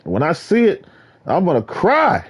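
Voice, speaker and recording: A man talks on his own for the camera, wandering from one thought to the next. His voice is husky and a little high for a man. His pitch leaps all over the place, from low muttering asides to sudden high, excited cries. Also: a little slow. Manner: animated, jumps between topics, bursts into high exclaims. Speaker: vlogger. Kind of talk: rambling solo monologue.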